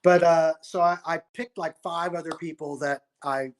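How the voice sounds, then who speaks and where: Animated storytelling man, raised pitch. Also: normal speed. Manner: animated, acts out quotes, restarts often. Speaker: musician guest. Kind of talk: storytelling interview.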